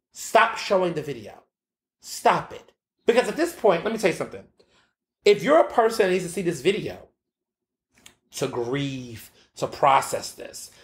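A man's voice: sits high, a bit bright. A man hosting his own podcast, speaking bluntly with heavy profanity and emphatic repetition in an opinionated solo monologue. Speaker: podcast host.

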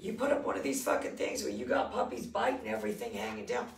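Gravelly, very low-voiced woman dog trainer. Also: quick pace. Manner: rambling, animated, acts out quoted voices. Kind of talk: casual livestream chat. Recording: echoey room with background noise.

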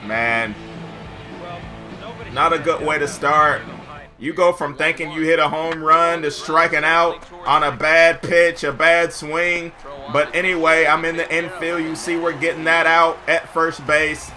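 A young man giving jokey, excited commentary over his own baseball video game play, shouting at big plays. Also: fairly high pitch, unhurried. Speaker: gameplay commentator.

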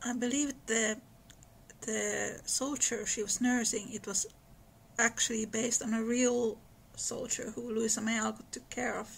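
A woman's voice: a little high, fairly even intonation, measured pace, gravelly, slight background noise, poor audio. A woman guest on a book discussion, offering her points tentatively. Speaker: podcast guest. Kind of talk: casual literary discussion.

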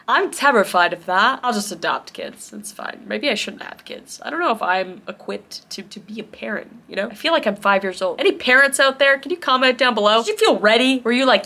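A woman's voice: medium pitch, expressive, a little fast, sharp tone. A young woman doing casual reaction commentary, chatty and self-mocking, swearing and laughing as she goes. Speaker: comedy YouTuber reacting to clips.

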